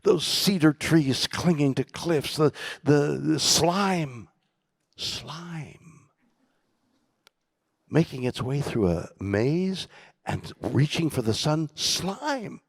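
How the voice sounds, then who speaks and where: Theatrical older man, gravelly and hushed. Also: fairly high pitch, expressive, slow pace, pauses often, no room sound, studio quality. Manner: theatrical, swings from loud bursts to hushed whispers. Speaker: keynote guest. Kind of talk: dramatic storytelling conversation. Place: conference stage.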